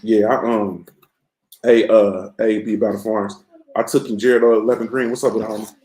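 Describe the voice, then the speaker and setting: A man's voice: on the low side, level tone, moderate pace, dark tone, roomy sound, slight background noise, poor audio. A man hosting a boxing morning show from a room at home, chatting casually in a loose, rambling, slang-heavy way into his computer's mic. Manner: laid-back, rambling, slangy.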